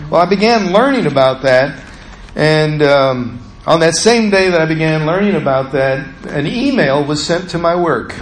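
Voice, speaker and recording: A man preaching a sermon, telling a personal story with animated swings from hushed to loud. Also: a little high, echoey room, a little hiss or hum, rough recording. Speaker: lay preacher.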